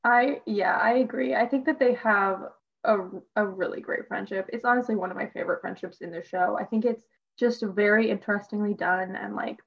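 A young woman co-hosting a podcast, chatting excitedly as a fan, laughing and filling her talk with "like". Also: medium pitch, fairly quick, gravelly. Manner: excitable, laughing, heavy use of "like". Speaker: podcast co-host. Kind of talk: casual fan chat. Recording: dull lo-fi sound.

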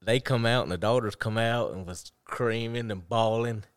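A man telling a prank story in a relaxed, drawling way on a chat show. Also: medium pitch, moderate pace, clean tone, no echo, studio quality. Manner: drawling, laid-back, laughs between lines.

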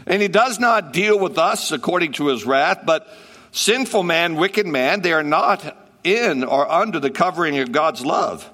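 A man's voice: a little high, animated, measured pace, bright, forceful tone, big-room sound. A male pastor preaching a sermon, emphatic, repeating phrases and asking rhetorical questions.

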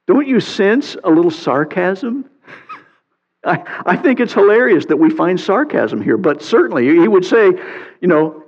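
A man preaching a sermon as a pastor, reading scripture aloud in an animated way with playful sarcasm. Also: on the high side, moderate pace. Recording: muffled sound with long hall reverb.

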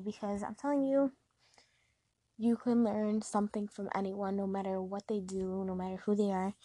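A woman's voice: medium pitch, dark tone, no room sound. A young adult woman hosting a podcast, giving advice in a chatty, rambling way with lots of fillers, recorded in her bedroom at home. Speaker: podcast host. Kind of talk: casual advice monologue.

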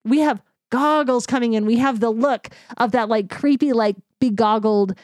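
A woman co-hosting a podcast, chatting casually and gushing enthusiastically with quick asides. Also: on the high side, darkish tone, no room sound, studio quality. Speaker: podcast co-host. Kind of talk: casual chat.

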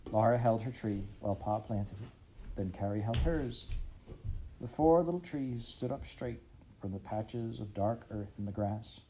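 A man reading a storybook aloud in an expressive, dramatic way. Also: lowish voice, unhurried, a little hiss or hum, poor audio. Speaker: reader.

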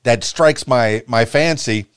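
A man's voice: medium pitch, slow pace, smooth, dry recording. A man from Miami hosting a podcast interview in a neutral American broadcaster accent, stammering and restarting often. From Miami, Florida, USA. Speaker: podcast host. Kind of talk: casual interview chat.

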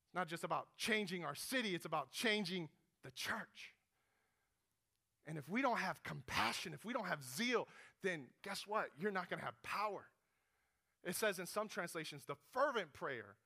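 Animated preacher man, high gravelly voice. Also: normal speed. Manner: animated, voices the prayers in rising pleas and drops to a hush. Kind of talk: sermon with dramatized retelling.

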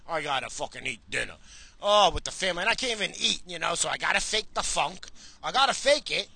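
A middle-aged man from the United States ranting casually and profanely to his viewers while driving, animated, cursing and mocking himself. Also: high-pitched, quick pace, creaky, husky, no room sound, low-quality recording. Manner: animated, swearing, self-mocking. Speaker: vlogger.

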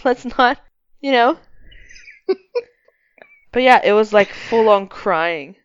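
A woman's voice: a little high, animated, slow, clear, resonant tone, no echo, dull audio. A woman chatting casually with her husband on a vlog, blunt and self-mocking, swearing freely. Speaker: vlogger, wife. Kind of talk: casual couple chat.

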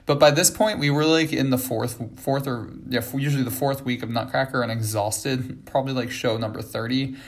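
A man's voice: mid-range voice, steady tone, brisk, few pauses. A man, a ballet dancer, casually telling stories with lots of fillers and restarts. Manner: rambling with many fillers and restarts. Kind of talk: casual storytelling.

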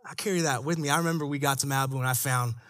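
A young man giving a conversational, animated sermon as a church staff speaker, dropping into low asides and rising for emphasis. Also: racing.

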